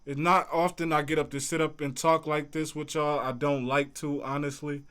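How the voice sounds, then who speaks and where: A man hosts a casual livestream and talks back to his chat in relaxed slang. His voice sits a little high for a man and comes through smooth and clear. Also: normal speed. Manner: laid-back, conversational, speaks to chat in slang. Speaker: livestream host reading chat.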